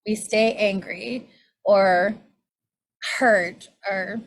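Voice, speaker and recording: A woman's voice: mid-range voice, steady tone, very slow, creaky. A woman in her forties teaching a healing class on triggers, candid and conversational, often checking in with a rhetorical "right?". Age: 40s. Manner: candid, conversational, self-disclosing. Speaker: class facilitator.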